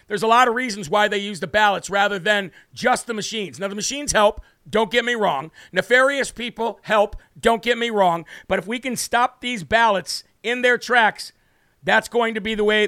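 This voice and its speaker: Brash and emphatic, a US political livestream host reads out viewer comments and pounds on key words, broadcasting from a home studio with a city view behind him. His voice sits high, bright and forceful, with studio-quality audio and no echo.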